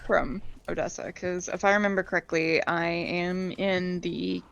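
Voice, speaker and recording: A woman with a lowish, gravelly voice plays a tabletop game on a video call. She thinks aloud, stopping on fillers as she plans, and her dull lo-fi call audio sounds muffled. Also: steady tone, a little slow, a bit bright, no room sound. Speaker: player.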